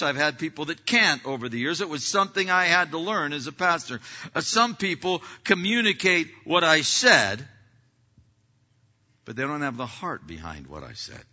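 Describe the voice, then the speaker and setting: A man preaching a sermon as pastor of his church, talking conversationally and swinging between loud passages and hushed ones. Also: a little high. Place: church sanctuary. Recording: echoey hall, dull lo-fi sound.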